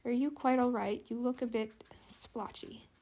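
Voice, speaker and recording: An anxious, gentle young husband fussing over his wife, as a woman voices him. He speaks mildly and a little haltingly, with a touch of gravel in the tone. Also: sits high. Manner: anxious, mild.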